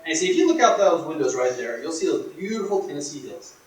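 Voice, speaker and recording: A man giving a motivational workshop talk, telling stories in a dramatic, emphatic way that swings from hushed to loud. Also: a little high, big pitch swings, quick pace. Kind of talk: storytelling speech to a live audience. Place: workshop room. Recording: echoey room from far off.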